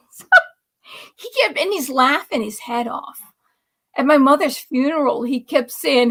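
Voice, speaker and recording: Woman guest on a stream, high pitched, lots of fry, chatty storyteller. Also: unhurried, pauses often. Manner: animated, chatty, laughing at her own story. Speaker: livestream guest. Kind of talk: casual storytelling.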